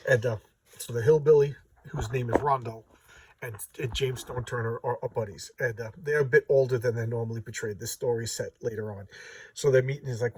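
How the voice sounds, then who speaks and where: A man chats through a comic book in a casual, enthusiastic way, stumbling and repeating his words. His voice is husky and sits at an ordinary pitch. The recording is dry and picks him up from a little distance. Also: fairly even intonation, fairly quick, no echo.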